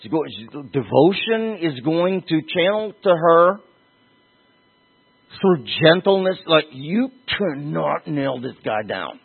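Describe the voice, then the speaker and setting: A male preacher delivers an emphatic sermon in a fairly high, husky, sing-song voice, jumping suddenly in pitch and dragging out the words he wants to land. The audio is thin and tinny, like a phone line.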